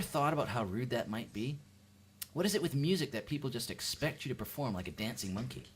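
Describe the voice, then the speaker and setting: Canadian man, home stand-up comic, deadpan with lively pitch swings. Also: brisk, slight background noise. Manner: deadpan, with sudden high-pitched quoted voices. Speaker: amateur stand-up comedian. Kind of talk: seated home stand-up routine. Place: at home, lives in the UK.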